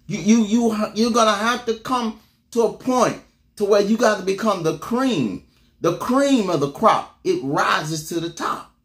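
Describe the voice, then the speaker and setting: A man preaching a motivational sermon, exhorting his congregation with call-and-response and repeated words, swinging between loud bursts and low murmurs. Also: expressive, a little slow.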